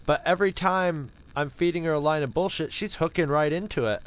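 A man's voice: a little high, a little fast, low-quality recording. A man co-hosting a podcast, telling a sarcastic, profane story in casual, rambling chat. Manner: animated, rambling with restarts. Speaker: podcast co-host.

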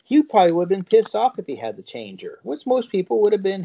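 A man co-hosting a podcast, retelling scenes in a lively, crude comic way. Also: high-pitched, fast, vocal fry, few pauses, husky. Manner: lively storytelling, crude jokes. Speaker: podcast co-host. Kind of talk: casual comedic chat. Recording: dull lo-fi podcast audio.

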